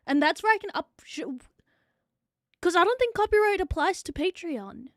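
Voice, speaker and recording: A woman from New Zealand with a New Zealand accent, chatting excitably on a live stream, a bit out of breath and swearing freely. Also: very high-pitched, moderate pace, dry recording, studio quality. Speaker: VTuber streamer.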